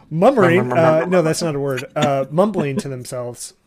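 A man narrating a tabletop game as game master, halting and full of fillers and restarts. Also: fairly high pitch, creaky, a loud crowd.

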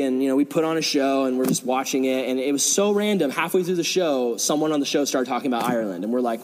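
A young man, a youth pastor, telling a story in a sermon, animated and acting out quotes with casual fillers, in a large hall before an audience. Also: fairly high pitch, fast. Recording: long reverb in a hall.

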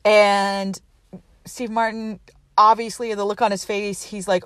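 Woman, casual movie recap, animated and chatty, dry voice. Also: medium pitch, unhurried, no echo. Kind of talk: casual movie plot retelling.

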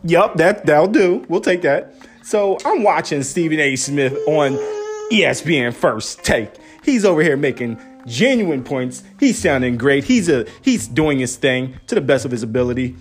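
A young man talks straight into his phone, swinging his pitch high and low as he fires off disbelieving questions. Faint music plays behind him. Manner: animated, incredulous, rapid-fire rhetorical questions. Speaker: sports fan vlogger. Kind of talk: casual phone-camera rant.

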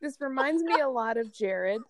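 Easygoing woman, brighter higher voice. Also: animated, normal speed, dry recording. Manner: easygoing, laughing reactions. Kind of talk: casual chat.

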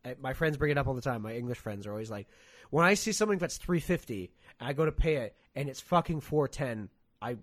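A man's voice: mid-range voice, expressive, fast talker. A young man in casual chat, telling stories animatedly, swearing often and acting out quotes in a raised voice.

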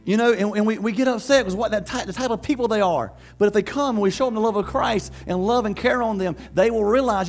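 Male pastor, high voice, chatty animated sermon, faint music behind. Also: fast talker, hardly any pauses. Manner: lively, conversational preaching with laughs and acted quotes.

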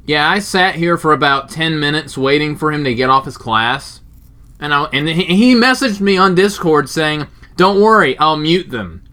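A young man with a bright, fairly high voice hosts a podcast in casual chat. His speech swings up and down as he jokes crudely. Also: expressive, moderate pace. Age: young adult. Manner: joking, crude banter. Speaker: podcast host.

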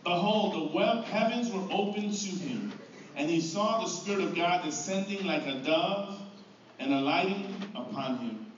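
A man's voice: high-pitched, animated, a little slow. Echoey far-off male pastor preaching. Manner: earnest, repeats words and restarts phrases. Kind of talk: sermon. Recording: echoey room from far off, dull sound, faint noise.

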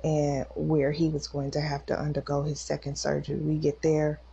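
Low, gravelly-voiced woman giving emotional testimony. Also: monotone, normal speed, mellow. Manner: emotional, talks straight to listeners. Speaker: podcast host, mother. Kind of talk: personal testimony. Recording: dull lo-fi recording with faint noise.

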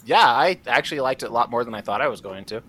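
A man's voice: medium pitch, expressive, quick pace, a bit bright. A man co-hosting a casual podcast, incredulous and swearing freely. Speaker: podcast co-host. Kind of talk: casual chat.

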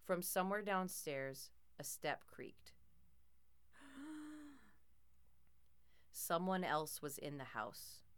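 A woman's voice: low voice, unhurried, hardly any pauses, a bit bright, clear, resonant tone. A woman narrating a first-person horror story in a tense, dramatic way.

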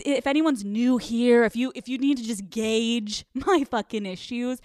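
A woman's voice: medium pitch, sharp tone, dry recording, clean studio sound. A young woman hosting a podcast in a casual confessional monologue, speaking candidly, swearing freely and laughing often mid-sentence. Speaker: podcast host.

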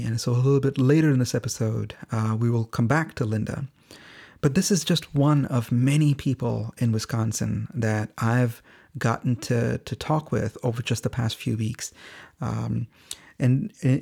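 A man hosting a podcast, telling a story about phone banking in an earnest, halting way. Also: medium pitch, vocal fry, darkish tone. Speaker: podcast host and phone bank organizer.

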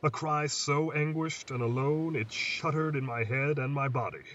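Guy narrating a spooky story, measured and moody, far off and muffled. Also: on the high side. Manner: measured, atmospheric reading. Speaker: storyteller host. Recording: distant muffled mic, faint hiss.

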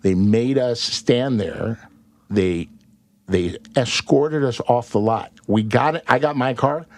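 A male actor, a guest on a podcast, telling a story in an animated, profane and rambling way. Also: medium pitch, slow pace, no echo.

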